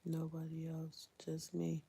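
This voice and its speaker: A mother vlogs casually while doing housework, candid and chatty, often breaking into laughter. Her voice sits low and gravelly. It has a dark, husky tone. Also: monotone, measured pace. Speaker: mother vlogger.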